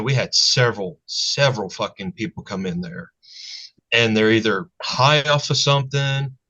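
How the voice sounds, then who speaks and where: A man's voice: fairly low pitch, pushed and bright. A man guesting on a casual talk show, telling a story in a blunt, profane, matter-of-fact way. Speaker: guest, online channel host. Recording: dull lo-fi sound.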